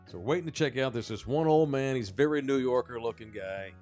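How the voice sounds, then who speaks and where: Man, sports podcast co-host, casual storytelling, animated, profane, mid-pitched. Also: fast, faint music behind. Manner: animated, profane, rising when excited.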